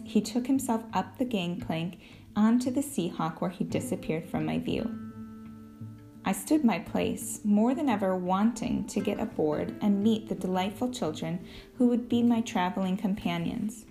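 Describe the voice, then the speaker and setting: A woman reading a story aloud as narrator in first person, with clear storytelling. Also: medium pitch, measured pace, warm tone, faint music behind. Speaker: audiobook narrator. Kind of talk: scripted narration.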